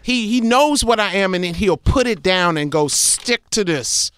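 A woman's voice: medium pitch, expressive, moderate pace, clear, resonant tone, no room sound. Brash, profane woman comedian. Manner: brash, profane, boastful storyteller. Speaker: comedian, guest. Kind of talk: casual interview storytelling.

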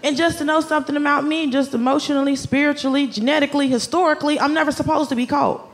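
Exasperated high-voiced woman comic. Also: fast talker, background noise. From Atlanta, US South. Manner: animated, exasperated ranting with outbursts. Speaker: stand-up comedian. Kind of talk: stand-up comedy set. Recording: live club with loud audience laughter.

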